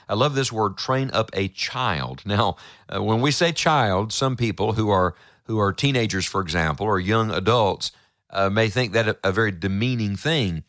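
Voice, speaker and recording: Guy with a lowish voice preaching a bible lesson, earnest and emphatic, dry close sound. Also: fairly bright tone, no room sound. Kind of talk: radio Bible teaching sermon.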